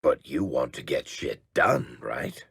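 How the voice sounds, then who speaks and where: A middle-aged dwarf storyteller with a dry wit teases his companions sarcastically, speaking slowly in an extremely deep, gravelly, husky voice. His exaggerated delivery swings widely in pitch, captured in a completely dry game dialogue recording.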